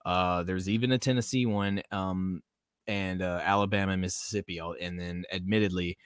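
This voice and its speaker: Man, American South, podcast host, casual live-stream chat, low voice, dry close sound. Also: fairly even intonation, moderate pace, clear, resonant tone, dry recording. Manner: rambling, laughs often, reads chat aloud.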